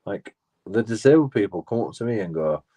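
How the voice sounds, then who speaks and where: Guy with a lowish voice, casual profane rant that loops back on itself. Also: expressive, fairly quick, mellow, breathy edge. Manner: profane, repetitive, restarts phrases. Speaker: auditor vlogger. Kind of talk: casual rambling monologue.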